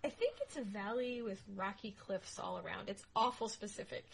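A woman co-hosting a casual history podcast, telling the story playfully with jokes and loud asides. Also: mid-range voice, normal speed, creaky, a little hiss or hum, rough recording. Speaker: podcast co-host.

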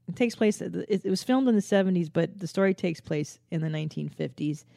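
A woman in her forties hosts a podcast and rambles through a comedic monologue, swearing freely and mocking herself. Her voice sounds mellow and warm. It was recorded close and dry, with no room sound. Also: on the low side, brisk, vocal fry, dry recording. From Los Angeles area. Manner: rambling, profane, self-mocking. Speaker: podcast host.

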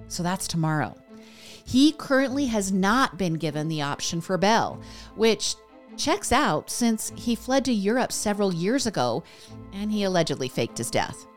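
A woman hosting a podcast, reading a scripted news recap in a chatty way and speaking straight to her listeners. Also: on the low side. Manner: chatty, addresses listeners directly. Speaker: podcast host.

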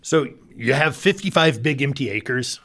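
A man's voice: medium pitch, lively intonation, measured pace, creaky, a bit bright. A man, a reporter guest on a talk show, explaining a topic in a thoughtful, detailed way. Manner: thoughtful, explanatory, occasional restarts.

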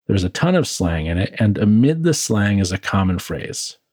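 A man's voice: fairly low pitch, very animated, moderate pace, darkish tone, husky, dry recording. A man hosting a podcast, reading his own reflective script with wry, dry asides, tired from working late. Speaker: podcast host. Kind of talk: scripted philosophical monologue.

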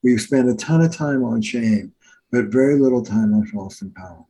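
A man's voice: mid-range voice, moderate pace, breathy edge, poor audio. A middle-aged man from New Jersey, a therapist telling stories in a conversational interview. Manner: animated storyteller, acts out quotes. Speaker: therapist and author.

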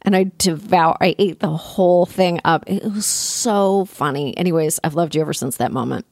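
A woman in her thirties from Canada hosting a casual chat, animated, laughing often and swearing freely. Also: fairly low pitch, normal speed, dry recording, clean studio sound. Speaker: talk show host.

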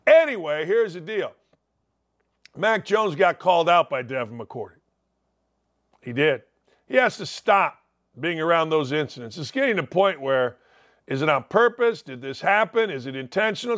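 A man's voice: sits high, a bit bright. An older man hosting a sports talk show, delivering a brash, sarcastic, opinionated monologue with big swings in his voice.

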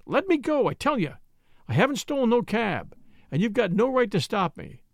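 Desperate young boy in a storybook reading, high cracking voice, put on by a man, dry booth. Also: very animated, moderate pace, dry recording. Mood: frantic. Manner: shrill, voice breaking into sobs. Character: frantic young male cab-driving boy.

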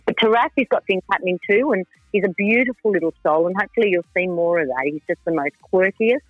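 A woman's voice: on the low side, quick pace, husky, no room sound, phone-quality sound, soft background music. A woman, chatting frankly and ramblingly as a reality TV contestant in a radio interview. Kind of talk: casual radio interview chat.

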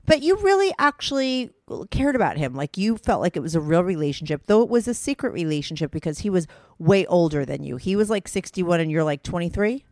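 Frank, low-voiced woman podcast host. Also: sing-song, fairly quick, few pauses, a little mellow, no room sound, clean studio sound. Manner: frank, swears casually, filler-heavy. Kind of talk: casual chat.

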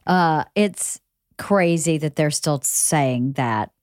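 A woman in her fifties hosting a casual conversation, chatty and quick to agree. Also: deep voice, a little mellow, no echo, clean studio sound. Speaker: podcast host.

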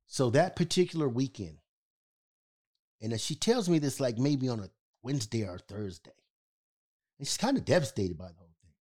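Man, podcast co-host, casual storytelling, emphatic, middle-pitched voice. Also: lively intonation, moderate pace, long pauses, darkish tone. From California. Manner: emphatic, repeats "okay?" for emphasis.

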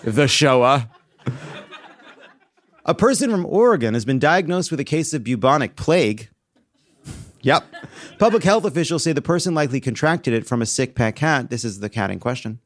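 A man's voice: mid-range voice, lively intonation, moderate pace, pauses often. A man hosting a comedy show, delivering a scripted monologue in a sarcastic, punchy way.

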